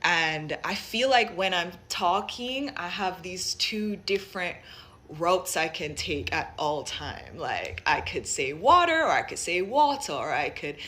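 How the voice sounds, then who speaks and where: Young woman, light Jamaican-American accent, lowish voice, reflective and meandering. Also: lively intonation, slow pace, pushed and bright. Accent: light Jamaican mixed with American. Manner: thoughtful, many fillers and restarts. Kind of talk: personal reflective monologue.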